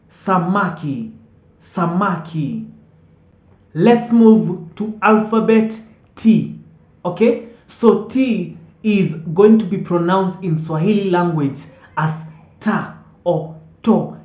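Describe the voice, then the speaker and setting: A language teacher calmly repeating each vocabulary word several times and checking in with "okay?" as they go. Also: medium pitch. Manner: patient, drills words aloud and checks in with "okay?". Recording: echoey room, dull lo-fi sound.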